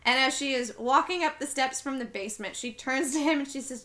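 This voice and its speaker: Podcast co-host: woman with a bright, slightly high voice, chatty and loose, lots of fillers. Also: brisk, few pauses. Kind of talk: casual recap of a film.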